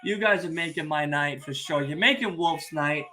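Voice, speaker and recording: A young man hosting a casual wrestling podcast watch-along, telling stories excitably, swearing freely and teasing the chat. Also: fairly high pitch, normal speed, a little hiss or hum. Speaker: podcast host.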